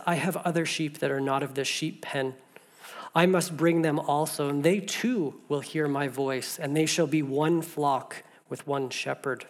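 A pastor delivering a sermon, reading scripture aloud, then slowing down to repeat a refrain for emphasis between casual, stumbling asides. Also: medium pitch, gravelly. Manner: conversational asides with stumbles and restarts.

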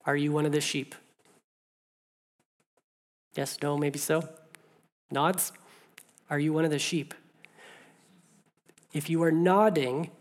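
Preacher repeating a slow refrain. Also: mid-range voice, steady tone. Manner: repeats a refrain slowly for emphasis; conversational asides with stumbles and restarts. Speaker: pastor. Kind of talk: sermon with scripture reading.

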